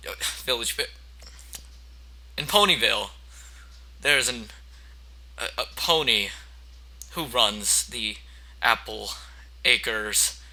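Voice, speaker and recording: A man's voice: medium pitch, takes it slowly, creaky, long pauses, sharp tone, low-quality recording. A man reading a mock audiobook aloud, rambling, stammering and cursing as he goes. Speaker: parody storyteller.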